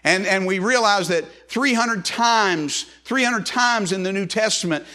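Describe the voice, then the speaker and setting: A male pastor preaches in a relaxed, folksy way, circling back and repeating phrases as he goes. His voice sits a little higher than most men's. He talks like he's chatting with his congregation. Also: unhurried. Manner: folksy, repetitive with frequent restarts. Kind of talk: sermon.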